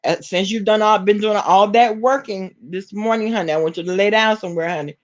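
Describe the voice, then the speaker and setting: A woman's voice: mid-range voice, brisk. Sassy Southern woman gossiping to chat. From Alabama. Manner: sassy, talks straight to chat, laughs often. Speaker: vlogger reading live chat. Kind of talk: casual live-stream gossip.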